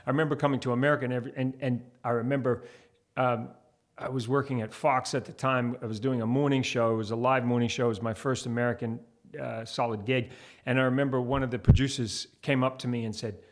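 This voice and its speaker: Animated New Zealand man telling stories. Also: medium pitch, quick pace. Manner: animated storyteller, slips into voices. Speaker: guest, television host. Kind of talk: interview conversation, anecdotes.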